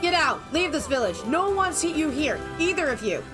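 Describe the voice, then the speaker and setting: Woman doing a shrill whiny bully boy. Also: sing-song, moderate pace, music in the background. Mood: angry. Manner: shrill and whining.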